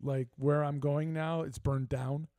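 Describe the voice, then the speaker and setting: An older man hosting a live sports talk show, telling stories in a casual, animated way. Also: fairly high pitch, measured pace, dry recording, clean studio sound. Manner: storytelling, animated, laughing asides. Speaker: host. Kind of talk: casual chat.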